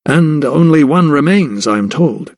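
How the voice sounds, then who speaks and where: A man voicing an affable, weathered middle-aged sea captain with a Scottish brogue, speaking slowly and drawing out his words. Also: fairly high pitch, animated, a little mellow, no echo, clean studio sound, voice pushed up.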